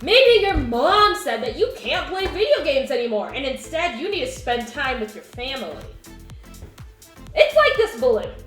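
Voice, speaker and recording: A woman gives a children's object lesson in a high, animated voice, asking the kids questions. The room is echoey, and faint music plays behind her. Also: normal speed. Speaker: children's teacher.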